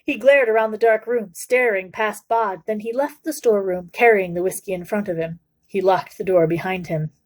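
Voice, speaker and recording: For a book club, a woman reads from a children's novel in a mid-range voice, keeping her storytelling even and measured.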